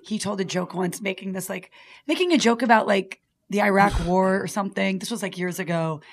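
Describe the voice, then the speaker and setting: Fast-talking woman telling comedy stories. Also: medium pitch. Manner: animated storyteller, acts out quotes. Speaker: stand-up comic guest. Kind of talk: casual chat. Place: radio studio.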